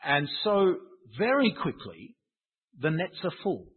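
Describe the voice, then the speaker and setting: A man's voice: on the high side, very animated, slow, breathy edge. A man preaching a sermon in a conversational, wry, self-deprecating manner. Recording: tinny phone-like sound.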